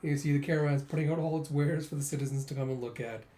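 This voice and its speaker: A man casually retelling a comic book story, acting out the characters' lines in bursts of louder, higher voices. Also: very fast. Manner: animated, jumps into loud high voices for characters. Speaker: manga reader and commentator. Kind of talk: casual comic read-through with acted-out dialogue.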